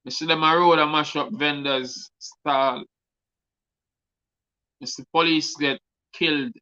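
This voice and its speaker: A man's voice: fairly high pitch, steady tone, slow pace, pushed and bright, no room sound, dull audio. A man with a Jamaican accent, a guest artist speaking earnestly on a talk show and repeating words for emphasis.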